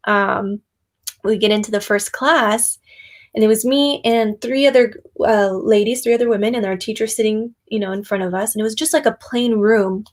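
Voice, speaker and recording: A woman's voice: mid-range voice, fairly even intonation, moderate pace. A woman guest, a psychic and shamanic yoga instructor, talking casually in a chatty storytelling way with frequent laughter and fillers. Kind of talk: casual conversation.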